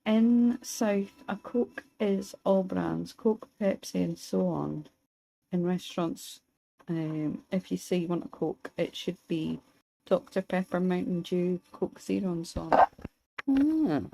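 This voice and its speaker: Chatty Scottish woman, low mellow voice. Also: steady tone, vocal fry, low-quality recording. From Scotland. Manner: chatty and wry, pausing mid-thought. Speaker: streamer. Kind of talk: casual gameplay commentary, chatting with viewers.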